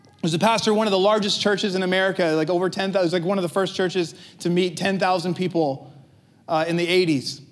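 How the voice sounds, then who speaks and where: High-voiced man preaching a sermon. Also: fairly even intonation, fast talker. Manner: conversational, joking preaching with rhetorical questions. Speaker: pastor.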